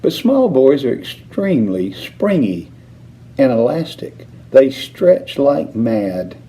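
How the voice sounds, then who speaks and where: A man's voice: medium pitch, very animated, takes it slowly, mellow. A man voicing an eccentric, cheerful candy-maker with a breezy, whimsical manner in a storybook reading.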